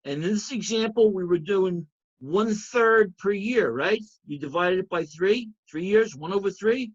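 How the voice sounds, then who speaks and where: A man's voice: high-pitched, lively intonation, unhurried, lo-fi sound. A man teaching an accounting review lecture, emphatic, repeating key points and checking in with students. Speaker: accounting instructor.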